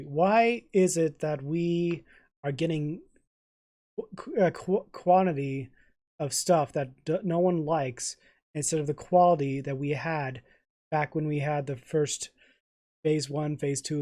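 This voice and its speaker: A man's voice: fairly high pitch, fairly even intonation, measured pace, mellow. Stammering man in a frustrated rant. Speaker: reaction channel host. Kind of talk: casual reaction rant.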